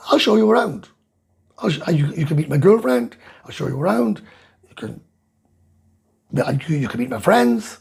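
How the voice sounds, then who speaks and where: A man's voice: high voice, a little mellow. A middle-aged Welsh man hosting a casual live chat, reading viewer comments aloud and answering in a blunt, sweary, ranting way. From Wales. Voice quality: gravelly, very husky. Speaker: livestream host reading chat.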